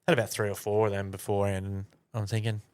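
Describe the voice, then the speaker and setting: A man's voice: lowish voice, little pitch movement, quick pace, darkish tone, smooth. Sweary guy telling a story. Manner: swears a lot, acts out voices in anecdotes. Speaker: podcast co-host. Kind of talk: casual storytelling chat.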